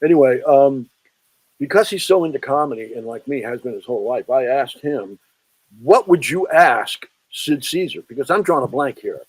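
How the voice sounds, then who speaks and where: A man's voice: a little fast, slightly rough, no room sound, poor audio. A man, an author and film historian, telling anecdotes as an interview guest, quoting people as he goes. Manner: chatty, animated storyteller who quotes people in lowered voices.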